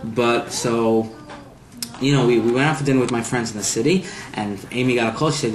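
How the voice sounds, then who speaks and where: A man's voice: medium pitch, fast talker. Wry young man in a roomy room. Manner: wry, self-mocking humor. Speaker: interviewee, groom-to-be. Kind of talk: casual storytelling interview. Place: apartment room. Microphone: home video camera. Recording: roomy home video with faint noise.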